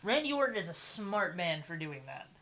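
A woman's voice: lowish voice, big pitch swings, moderate pace, a bit bright, a little hiss or hum. A woman co-hosting a casual wrestling podcast in a small office, talking eagerly with lots of fillers and laughter. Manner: enthusiastic, filler-heavy, frequent laughter. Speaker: podcast co-host.

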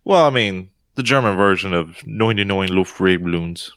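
A man's voice: deep voice, normal speed, dry recording, studio quality. A man in his thirties from North Carolina, co-hosting a casual podcast, joking and swearing freely. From North Carolina, USA. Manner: animated, swears freely, jokey. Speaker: podcast co-host. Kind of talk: casual chat.

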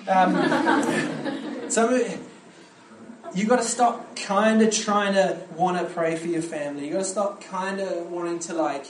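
A young man preaching a camp sermon to young people, animated and storytelling, with frequent restarts. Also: high voice, a little slow, slight background noise. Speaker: youth pastor preaching at a camp. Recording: echoey hall with faint ambience.

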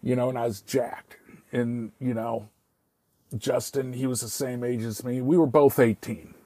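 A man's voice: medium pitch, fairly even intonation, a little slow, warm tone, no echo. A middle-aged man casually telling a personal story, rambling and swearing freely, with lots of "I was like.".

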